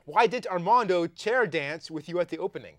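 A man's voice: high-pitched, expressive, fairly quick, no echo. A young adult man with a Canadian accent, hosting a live comedy talk show and playfully reading viewer tweets aloud. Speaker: host.

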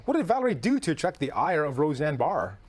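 Playful male host for a casual comedy chat; animated and slightly high. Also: fast. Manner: playful, teasing, rambling. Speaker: podcast host.

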